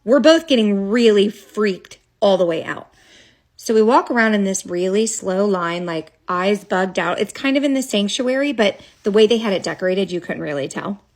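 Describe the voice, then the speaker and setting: A woman's voice: medium pitch, expressive, moderate pace. A woman telling a childhood story straight to a phone camera, casual and dramatic, with chatty asides.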